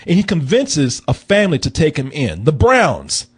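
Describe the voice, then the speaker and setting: A man's voice: a little high, very animated, moderate pace, husky. A man hosting a casual film review show, telling the story in a profane, rambling, joking way. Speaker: film review podcast host. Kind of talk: casual comedic chat.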